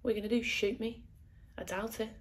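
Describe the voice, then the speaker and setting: A woman's voice: on the high side, fairly even intonation, quick pace. Foul-mouthed chatty woman. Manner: chatty, swears constantly, joking asides. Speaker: beauty vlogger. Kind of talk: casual makeup tutorial chat. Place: at home, sitting by a window. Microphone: phone camera with a mirror behind it.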